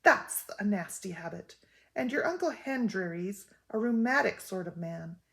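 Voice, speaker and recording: A woman's voice: mid-range voice, animated, measured pace, vocal fry, fairly bright tone. An older woman voicing an anxious, fussy mother who tells gossip with emphatic exclaims, in a storybook reading. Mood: scolding.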